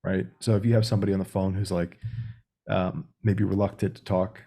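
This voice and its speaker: A man's voice: sits low, level tone, fairly quick, gravelly, dark tone. A man speaking as a guest on a podcast interview, blunt and direct in a casual way. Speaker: sales coach guest.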